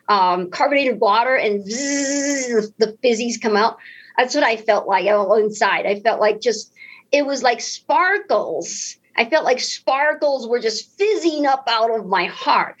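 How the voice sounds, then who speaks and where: A woman from the United States giving an earnest, emotional faith testimony as a podcast guest, with restarts and slow emphasis. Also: a little high, slightly rough, dull audio. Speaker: guest speaker.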